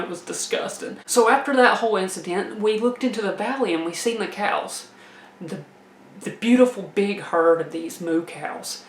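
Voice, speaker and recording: A woman telling a comic tale in a folksy, animated way, laughing as she goes. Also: mid-range voice, echoey room. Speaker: storyteller. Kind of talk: comedic personal storytelling.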